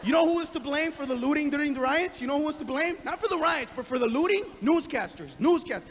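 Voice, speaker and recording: Loud foul-mouthed standup guy, high voice, noisy live tape. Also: animated. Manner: profane, brash, rapid riffing. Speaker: stand-up comedian. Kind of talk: stand-up comedy routine. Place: live comedy stage. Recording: noisy live comedy recording.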